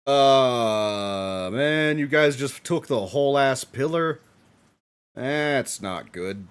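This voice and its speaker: A man streaming a live watch-along, reacting excitedly with frequent laughs and casual swearing. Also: medium pitch, slow pace.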